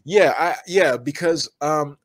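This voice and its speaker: A man who works as an energy healer, telling long stories in a relaxed interview with many fillers and restarts. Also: on the high side, takes it slowly, no room sound.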